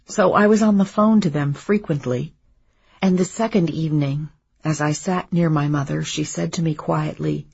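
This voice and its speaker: A woman narrating a memoir in a measured, subdued reading. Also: low voice, creaky, a little mellow, husky, highs cut off.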